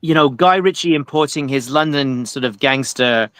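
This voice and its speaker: A man on a casual panel chat, opinionated and measured. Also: mid-range voice, a bit bright, smooth, no room sound. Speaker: podcast panelist.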